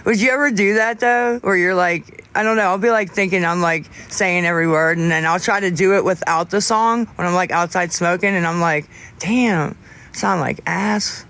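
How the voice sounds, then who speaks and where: A man's voice: high-pitched, fairly even intonation, fairly quick, few pauses, sharp tone, smooth. A man chatting casually with livestream viewers in a candid, rambling way, often restarting his sentences.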